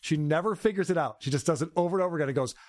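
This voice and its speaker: A man's voice: on the high side, rapid-fire, a little mellow, no room sound. A man hosting a podcast, giving sarcastic commentary on clips and laughing often. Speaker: podcast host.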